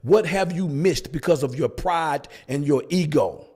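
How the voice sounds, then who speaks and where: A man's voice: fairly high pitch, measured pace, a little mellow, breathy edge. A male pastor preaching at a Bible study, hammering points with repeated rhetorical questions. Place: church.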